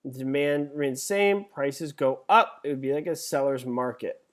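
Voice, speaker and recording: A middle-aged man teaching a live webinar as an exam instructor, chatty and joking, reading multiple-choice questions out slowly. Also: mid-range voice. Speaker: real estate exam instructor.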